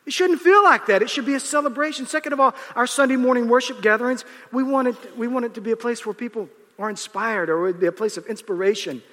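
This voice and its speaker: A man in his fifties, a pastor preaching a storytelling sermon in an animated way, often acting out the people he quotes. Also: very high voice, fast talker, hardly any pauses. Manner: animated, acts out quotes, restarts. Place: large church auditorium. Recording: reverberant hall.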